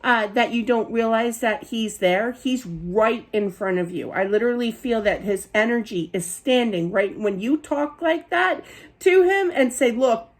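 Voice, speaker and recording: Woman psychic reader, Philly accent, slightly higher voice. Rambling, reassuring delivery that keeps checking in with "okay?" as she reads. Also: animated, unhurried. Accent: Philadelphia. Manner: rambling, reassuring, peppered with "okay?" and "you know". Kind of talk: spiritual reading monologue.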